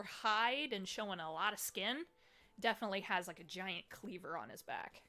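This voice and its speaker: A woman's voice: mid-range voice, moderate pace, pushed and bright. Lady running a tabletop game, chatty and descriptive, lots of uhs. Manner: descriptive, chatty, many fillers. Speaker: game master.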